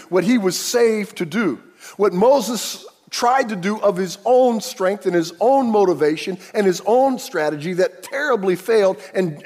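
A pastor preaching a sermon, retelling the story in an animated way that swings from hushed to emphatic. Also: male voice, high voice, in a large hall.

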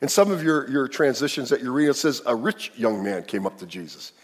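A man's voice: mid-range voice, lively intonation, brisk, slightly rough. A man preaching a sermon to a congregation, acting out the people in the story as he tells it. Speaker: pastor. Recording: long hall reverb.

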